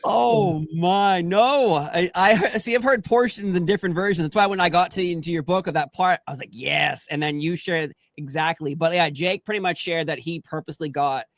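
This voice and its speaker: An eager male host lays out long, chatty questions and laughs easily. His voice sits a little higher than most men's. The sound is close and dry, with no room echo. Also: moderate pace, hardly any pauses. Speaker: podcast host interviewer. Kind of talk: interview questions, casual chat.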